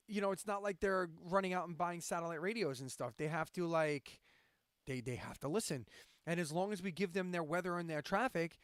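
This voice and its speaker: Brief: male stream host from central Pennsylvania, high voice, dead-dry sound, rambling rants with swearing. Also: clear, resonant tone, dry recording. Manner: ranting, profane, sarcastic. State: insomniac, drinking coffee late at night. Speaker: live-stream host and radio DJ. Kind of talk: casual chat.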